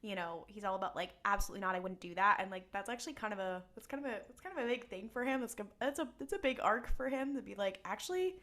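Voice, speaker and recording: A woman's voice: a little high, quick pace, few pauses, a bit bright. A woman co-hosting a podcast, chatting casually with rambling asides and restarts. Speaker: podcast co-host. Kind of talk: casual podcast recap chat.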